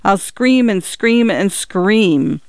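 A man reading aloud and voicing a timid, frightened small boy who speaks in a slow, pleading way. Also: sits high, animated, creaky, smooth, no room sound, full character voice.

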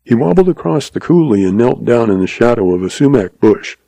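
Male audiobook narrator, gravelly fry, husky tone, dry close sound. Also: mid-range voice, brisk, dry recording, low-quality recording. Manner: steady storytelling. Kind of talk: scripted narration of a western.

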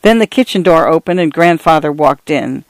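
Male audiobook narrator, measured and steady, slightly higher voice, very dry close recording. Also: no room sound. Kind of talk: scripted narration.

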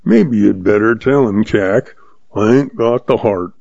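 Surly cowboy, sneering and quarrelsome, deep gravelly tone, voiced by a male reader. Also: measured pace, a little mellow, no echo. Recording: dry, slightly muffled lo-fi.

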